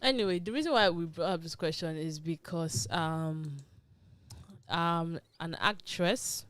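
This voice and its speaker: A woman with a low voice hosts a radio talk show. Her delivery is conversational and opinionated, with emphatic asides. The sound is dry and close, with no room around it. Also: a little slow, a bit bright, clean tone, no room sound. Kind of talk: casual panel discussion. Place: radio studio.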